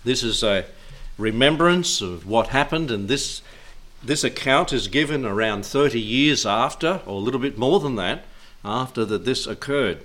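A man's voice: mid-range voice, expressive, moderate pace, fairly bright tone. A man preaching a sermon, reading scripture aloud in old-fashioned wording and urging his listeners on in an earnest, exhorting way.

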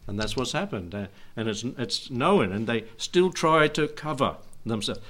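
A man's voice: mid-range voice, expressive, moderate pace, a bit bright. A middle-aged man preaching as a pastor in an informal, digressive way, chuckling often between his points. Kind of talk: informal sermon.

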